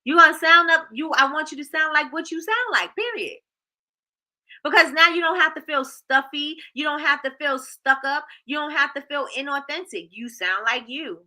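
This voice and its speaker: A woman's voice: high voice, moderate pace, pushed and bright, low-quality recording. A woman hosting a live stream, giving emphatic, repetitive motivational talk and laughing often.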